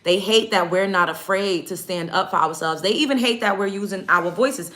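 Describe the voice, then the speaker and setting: A woman's voice: medium pitch, moderate pace, a bit bright. A woman hosting a livestream, retelling events to her chat in a heated, profane, emphatic rant. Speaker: livestream host.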